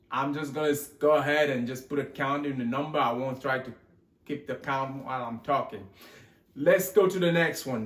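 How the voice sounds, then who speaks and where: A man's voice: mid-range voice, fairly bright tone. A man hosting a gun collection vlog in a rambling, joking way, putting on a mixed Texan and Australian accent. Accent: put-on mixed Texan and Australian. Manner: rambling, joking, loses count. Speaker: gun channel host. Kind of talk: casual show-and-tell vlog. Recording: echoey room.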